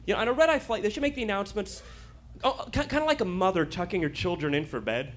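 A man performing a stand-up routine, telling a story in an animated way with quick asides. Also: sits high. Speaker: stand-up comedian.

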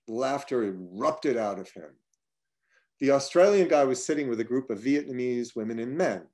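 A man's voice: mid-range voice, expressive, a little mellow. Man reading his travel essay. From United States (upstate New York). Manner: measured reading, slowing on lists, with casual spoken asides. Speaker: writer reading his own work.

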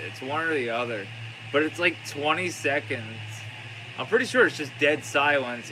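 Rambling man over vehicle noise. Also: medium pitch. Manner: rambling, loose, filler-heavy. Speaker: vlog host. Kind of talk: casual chat.

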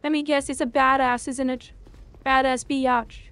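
A woman streaming a video game, reacting loudly and swearing freely at each twist of the fight. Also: sits high, measured pace, smooth, dry recording. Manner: excitable, swears a lot, talks at the game. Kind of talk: live gameplay commentary.

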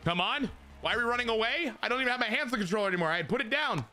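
A man giving casual, excitable commentary over his own video game match, swearing and trash-talking the opponent as he plays. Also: very high voice, very fast. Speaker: gaming channel host.

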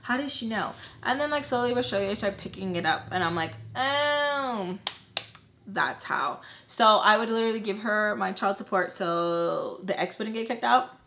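A woman's voice: mid-range voice, fairly bright tone. Twenties woman vlogging a storytime, super candid, lots of likes and cussing. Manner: candid, rambling, swearing, many fillers. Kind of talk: casual storytime vlog.

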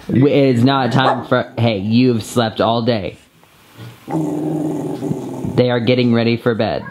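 A man's voice: medium pitch, slow pace, long pauses, heavy background noise. A young man hosting a casual vlog, rambling playfully and full of filler words, filmed on a handheld camera. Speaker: vlogger host.

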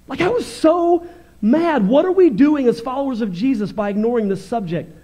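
A male pastor preaching a fervent, animated sermon, moving between loud bursts and quieter stretches. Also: extremely high pitch, normal speed.

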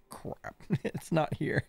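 Recorded dry, this mid-range male voice delivers live commentary over a game stream. He lisps slightly since dental work took his front teeth, and being on painkillers makes him ramble, giggle, and get distracted easily.

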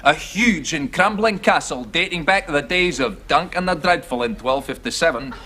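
An actor playing a pompous, long-winded Scottish solicitor in a sitcom, speaking with a Scottish accent and formal manners. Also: male voice, a little high, lively intonation, moderate pace, sharp tone. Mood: grandiose. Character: pompous Scottish solicitor, middle-aged man. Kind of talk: 1980s sitcom acting.

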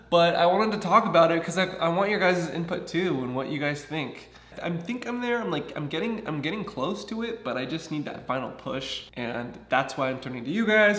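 A man's voice: high-pitched, a bit bright. Chatty man in his thirties, roomy sound. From Southern California. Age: 30s. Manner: chatty, candid, acts out other people's lines. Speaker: vlogger. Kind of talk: casual personal vlog.

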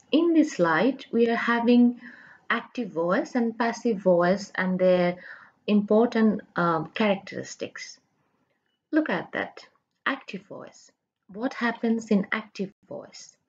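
A woman's voice: mid-range voice, expressive, slow pace, breathy edge, lo-fi sound. A woman college English teacher with a Bangladeshi accent, giving a recorded lecture and explaining grammar patiently, asking questions and repeating her points. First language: Bengali.

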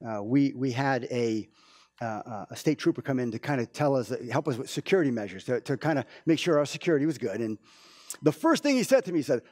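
A pastor preaching a casual, storytelling sermon, with many restarts and asides. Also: male voice, medium pitch, sing-song, quick pace, darkish tone, no echo, studio quality. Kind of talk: conversational sermon. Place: church.

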